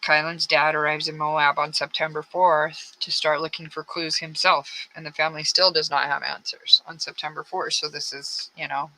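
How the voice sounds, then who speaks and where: Female true-crime host, casual commentary, very sharp and forceful tone, rambling and blunt. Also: low-pitched, little pitch movement, normal speed, few pauses, slight background noise, poor audio. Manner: rambling, blunt, frustrated asides.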